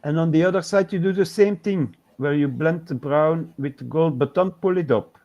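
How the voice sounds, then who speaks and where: Male co-host, patient painting coach, casual stream chat, voice sits a touch high. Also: moderate pace, darkish tone, lo-fi sound. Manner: patient, step-by-step instructing.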